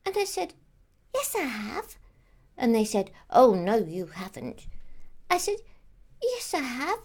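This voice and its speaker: A woman's voice: fairly high pitch, wildly swooping pitch, slow, a little mellow, heavily acted. A woman playing a childlike female Christmas elf who rambles on with lots of "like" and "um". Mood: rambling. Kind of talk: character monologue to camera.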